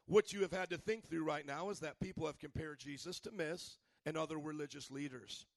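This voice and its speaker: A male pastor preaching a sermon, asking the congregation questions and building up to shouts. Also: fairly high pitch, fairly quick, dry recording. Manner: preachy call-and-response questions, rising to shouts.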